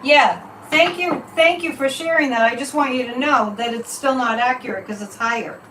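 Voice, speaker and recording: With a high voice at a normal speed, she conducts a livestream psychic reading from a distance, off mic. Her talk is casual, animated and emphatic, full of repeated phrases, and the echoey room adds faint background noise.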